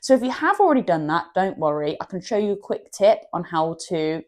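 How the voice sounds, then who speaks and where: A woman talks viewers through a colouring tutorial in a chatty, self-deprecating way. Her voice sits a touch lower than most women's. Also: sing-song, fairly quick. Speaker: art channel host.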